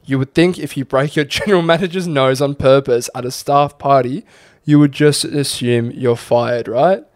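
A man's voice: mid-range voice, steady tone, normal speed, a little mellow, no room sound. A man co-hosting a casual podcast, swearing freely and reading listener stories aloud. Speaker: podcast co-host.

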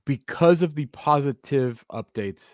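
A man's voice: medium pitch, expressive, unhurried, dry recording, clean studio sound. A man co-hosting a sports talk show, opening hesitantly and then stating strong opinions. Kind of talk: casual sports radio chat.

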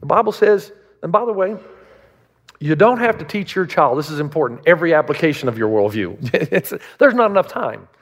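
A man's voice: on the high side, very animated, brisk. A man preaching a sermon as a pastor, emphatic and full of rhetorical questions. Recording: long reverb of a large hall.

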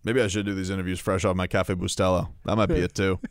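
A man's voice: sits low, fast, smooth, no echo, clean studio sound. A man hosting a radio sports show, chatting casually with jokes and stammering restarts. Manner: animated, jokey, stammering restarts. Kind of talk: casual morning radio banter.

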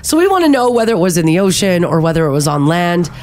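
A woman with a slightly low voice co-hosts a casual radio show. She talks fast and chatty, running through a news item between jokes. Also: very animated, darkish tone. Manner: chatty, reads news bits quickly.

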